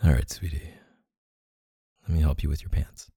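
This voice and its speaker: A man speaking softly and closely in an intimate audio role-play, murmuring like a partner. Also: a bass voice, flat delivery, moderate pace, vocal fry, husky, dry recording, studio quality.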